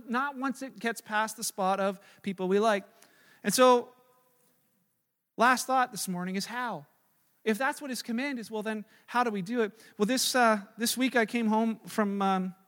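A man in his thirties preaching a sermon, telling a story in a conversational, animated way with fillers and restarts. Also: high-pitched. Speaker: pastor. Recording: long reverb of a large hall.

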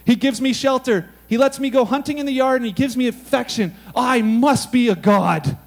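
Brief: smug self-important house cat, slow and high, a male preacher doing it. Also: vocal fry, exaggerated voice. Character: smug house cat who thinks itself a god.

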